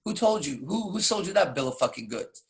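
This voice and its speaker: A man's voice: sits high, big pitch swings, brisk. A man coaching in a blunt, profane casual monologue, firing off rhetorical questions. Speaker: dating coach.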